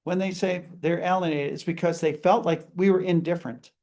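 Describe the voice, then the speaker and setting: A man's voice: high-pitched, steady tone, fairly quick, darkish tone. A man leading a customer service training seminar, speaking energetically and acting out sample greetings.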